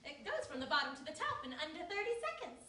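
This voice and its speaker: A woman's voice: very high-pitched, sing-song, quick pace, sharp tone, full character voice. A woman playing a chipper, salesy female tour guide on a live stage. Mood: perky. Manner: perky, salesy. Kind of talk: live stage comedy acting. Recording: echoey hall from far off.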